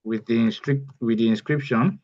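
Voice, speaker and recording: A man's voice: medium pitch, normal speed, darkish tone, dull audio. A man teaching an online workshop step by step, repeating key phrases as he goes. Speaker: AI bootcamp instructor. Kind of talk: live online tutorial.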